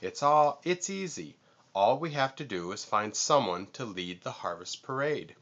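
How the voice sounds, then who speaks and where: A man voicing a calm, confident male lion in a storybook read-aloud, easygoing and reassuring. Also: medium pitch, a little slow, lo-fi sound.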